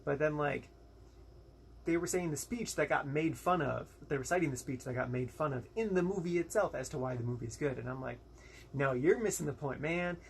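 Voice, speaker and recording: Rambling through a movie review, a young American man sounds frank and exasperated, packing in fillers and quoted asides. He speaks briskly in a gravelly, slightly high voice. There's a little hiss or hum.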